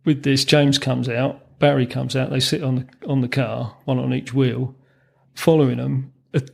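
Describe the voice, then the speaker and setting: A gravelly-voiced man in his fifties, sharing long anecdotes as an interview guest. He chuckles as he talks and loops back with ums and false starts, a rough grain running under his ordinary mid-range voice. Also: mid-range voice, level tone, moderate pace. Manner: anecdotal, chuckles through his stories, many ums and restarts. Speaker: guest, former racing mechanic. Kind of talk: storytelling in a podcast interview.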